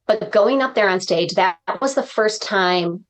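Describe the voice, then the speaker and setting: A woman's voice: medium pitch, measured pace. A woman guest on a podcast, a motivational speaker talking in an earnest, reflective way and dropping uplifting sayings. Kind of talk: podcast interview conversation.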